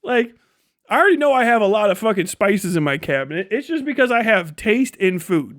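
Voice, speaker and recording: Animated high-voiced man ranting on a livestream. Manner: animated, swearing, incredulous outbursts. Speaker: livestream host. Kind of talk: casual livestream rant.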